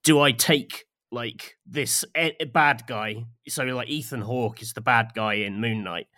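A man's voice: mid-range voice, measured pace, sharp tone. A man co-hosting a podcast in casual chat, musing loosely and trailing off with fillers. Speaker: podcast co-host.

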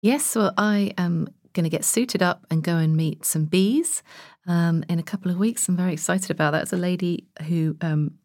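A woman's voice: on the low side, moderate pace, darkish tone, no echo. A woman on a podcast team chatting in a studio, enthusiastic as she describes her reporting trips. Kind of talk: casual chat.

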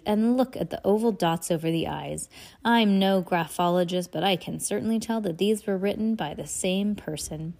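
A woman's voice: on the low side, creaky, a little mellow. A woman reading a novel aloud in a casual way, stumbling and correcting words as she goes. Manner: reads aloud haltingly, stops to comment and laugh. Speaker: reader. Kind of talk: casual read-aloud with asides.

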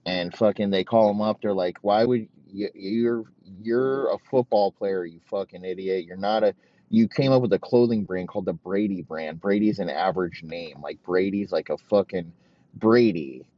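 A man with a very low voice rants crudely and rambles, swearing constantly in mock outrage. The recording is dull and dry, with no room echo. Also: moderate pace. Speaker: podcast host. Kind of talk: profane comedic rant.

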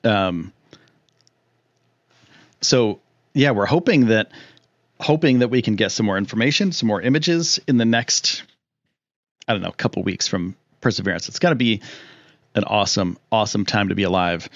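A man hosting a casual live stream, excitable and rambling with lots of fillers while he reads chat. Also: lowish voice, moderate pace, pauses often, no echo, dull audio. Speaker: livestream host.

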